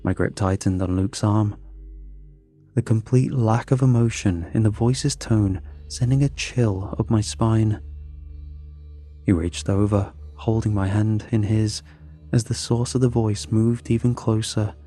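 A man narrating a scripted horror story in a measured, suspenseful way. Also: on the low side, fairly even intonation, dark tone, soft background music.

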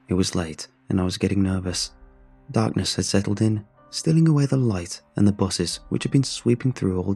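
A man narrating a scripted horror story in a measured, brooding way, with drawn-out pauses. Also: lowish voice, darkish tone, breathy edge, no echo. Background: faint music.

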